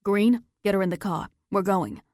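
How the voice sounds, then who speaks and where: A woman voicing a large, brisk male police officer who gives curt commands, in an audiobook. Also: medium pitch, darkish tone, dry recording, studio quality, natural voice.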